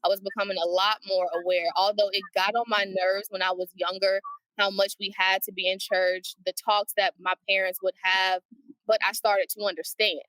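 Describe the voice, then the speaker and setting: A woman's voice: medium pitch, level tone, normal speed, fairly bright tone, no room sound, poor audio. Woman, reflective, hesitant, close dry mic, casual panel chat. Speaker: preacher's kid guest.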